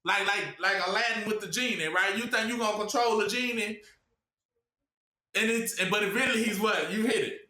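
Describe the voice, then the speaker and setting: A man preaching in a loose, informal way, with a bright, sharp tone. He keeps stopping on "what?" so listeners can finish his sentences. The sound is roomy and echoing. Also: high-pitched, moderate pace. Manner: asks the audience to fill in the word with "what?".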